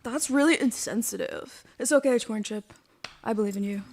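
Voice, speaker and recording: A woman's voice: a little high, normal speed, darkish tone. A woman playing a tabletop game, speaking her character's lines in a laid-back, slangy drawl. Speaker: player.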